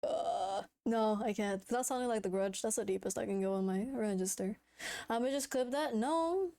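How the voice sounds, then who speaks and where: Playful, mellow-voiced woman streamer. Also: fairly high pitch, normal speed. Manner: playful, laughs often, swears casually. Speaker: VTuber streamer. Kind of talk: casual live-stream chat.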